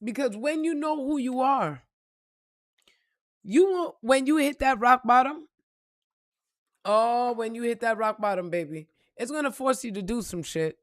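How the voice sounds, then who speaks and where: Woman, forceful motivational talk, blunt and emphatic, curses freely, dry close sound. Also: fairly high pitch, unhurried, pauses often, no room sound. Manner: addresses listener as "baby". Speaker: spiritual reader. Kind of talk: motivational monologue.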